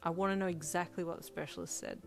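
A woman's voice: lowish voice, fairly even intonation, fast talker, vocal fry, faint music behind. A woman reading Bakugo, a blunt, brusque boy. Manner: curt and commanding.

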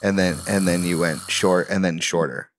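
A man's voice: sits low, fairly even intonation, moderate pace, slight background noise. A man chiming in on a podcast with dry, wry remarks. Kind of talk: casual chat.

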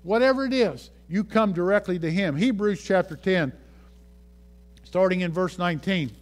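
A man's voice: high voice, moderate pace. A male pastor preaching a sermon, reading scripture aloud and repeating key phrases for emphasis.

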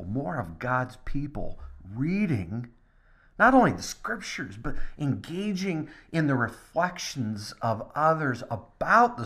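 A man, a pastor, giving a podcast devotional talk, dropping to a soft near-whisper at times and lifting into excited bursts. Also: medium pitch.

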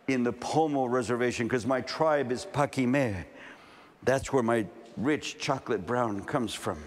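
A male pastor in his fifties, from California, delivers a sermon at a large camp meeting. He tells stories with animation and acts out the voices in his dialogue. His voice rings with a long hall reverb over a faint background hum. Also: medium pitch. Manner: animated storytelling, acting out dialogue.

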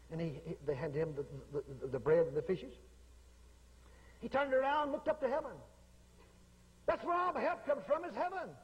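A man's voice: sits high, husky, in a large hall, rough recording. A man preaching in a folksy storytelling way, often repeating his phrases. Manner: folksy, repetitive, acts out quotes. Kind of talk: sermon storytelling.

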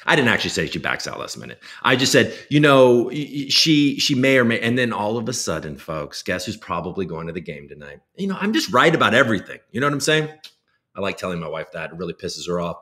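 Guy in his 30s hosting a live show, bright punchy voice, jokey and a bit crude. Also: low-pitched, sing-song, fast talker. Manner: loose, joking, self-mocking, swears freely. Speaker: host. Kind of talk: casual livestream chat.

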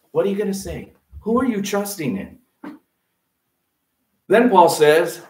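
A man's voice: on the high side, very animated, fast talker, distant mic. A male pastor giving a conversational sermon in a church, acting out the voices he quotes. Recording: echoey room, voice off-mic.

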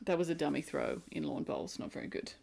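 A woman's voice: low voice, big pitch swings, a little fast, vocal fry, very noisy. A woman with an Australian accent, chatting casually and playfully about yarn in her knitting vlog. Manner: chatty and playful, prone to silly asides. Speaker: knitting vlogger. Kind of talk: casual chat.

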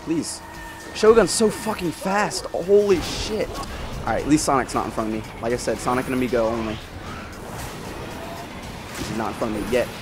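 A man's voice: medium pitch, moderate pace, pauses often. A man giving casual let's-play commentary, swearing and exasperated as he trash-talks rival racers. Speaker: gameplay commentator. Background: game music.

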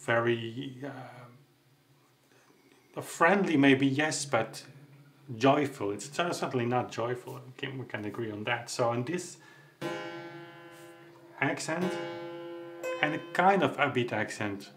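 A man teaching music, thinking aloud with halting restarts and tag questions as he explains a piece. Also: medium pitch, lively intonation. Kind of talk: explaining while practicing at the keyboard.

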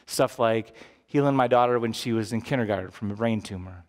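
A man in his fifties preaching a sermon as pastor, earnest and swinging from emphatic peaks down to quiet, low moments. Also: fairly quick. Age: 50s.

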